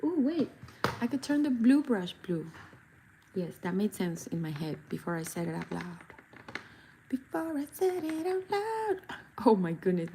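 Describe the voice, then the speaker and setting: A woman's voice: on the low side, dark tone, slight background noise. A woman face painter chatting casually on a livestream while she paints, self-mocking and chatty. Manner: chatty, self-mocking, bursts into silly song.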